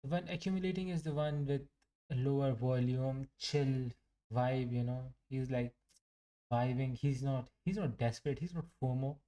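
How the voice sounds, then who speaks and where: A young man casually reviews his day trades in live commentary, his mid-range voice warm and steady at a moderate pace. He rambles, cracks jokes, and pokes fun at himself.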